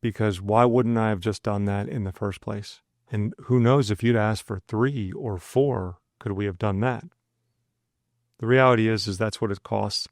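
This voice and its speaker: A man's voice: fairly low pitch, steady tone, moderate pace, no echo, studio quality. A man co-hosting a podcast, telling a work story in a loose, conversational way and acting out the dialogue in his own voice. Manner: loose and conversational, with frequent asides. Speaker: podcast co-host. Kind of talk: casual storytelling chat.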